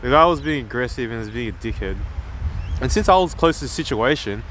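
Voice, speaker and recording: A man's voice: mid-range voice, animated, brisk, fairly bright tone, slight background noise, rough recording. A man telling a story in a reflective vlog, rambling and self-critical with many fillers. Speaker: vlogger.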